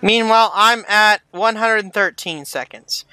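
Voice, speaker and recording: Crisp, bright gamer voice. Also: medium pitch, a little slow, no echo. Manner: steady, explains and directs. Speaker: co-op player. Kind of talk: casual game commentary.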